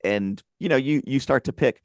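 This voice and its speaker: A man hosting a casual podcast, playful and quick to laugh, often repeating words as he talks into a close microphone. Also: medium pitch, dry recording. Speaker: podcast host.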